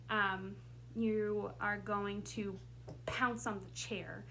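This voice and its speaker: Speaking slowly in a medium-pitched, slightly bright voice, a woman directing a school play walks her actors through blocking in a casual, filler-heavy way. A little hiss or hum sits under the recording.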